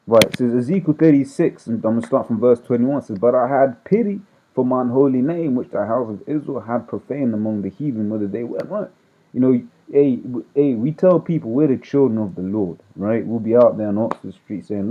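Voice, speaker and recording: A man reads scripture and then unpacks it in a loose, rambling way, tagging nearly every point with "right?". His voice sits in an ordinary middle pitch. The audio is narrow and tinny, like a phone line. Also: moderate pace. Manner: rambling, conversational, peppers speech with "right?". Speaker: street preacher. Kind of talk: casual scripture teaching.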